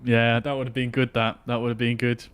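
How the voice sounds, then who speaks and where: In casual live-stream commentary, a man chats with viewers as he flies a flight simulator. He talks a little fast in a level tone, with a clear, resonant, mid-range voice.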